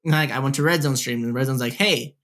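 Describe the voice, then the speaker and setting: A young man tells a story on a gaming podcast, rambling and packed with "like" and "whatever." He talks into a headset mic, his voice sitting at an ordinary middle pitch. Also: steady tone, racing, a bit bright. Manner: rambling, heavy filler "like, whatever". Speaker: podcast co-host. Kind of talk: casual storytelling.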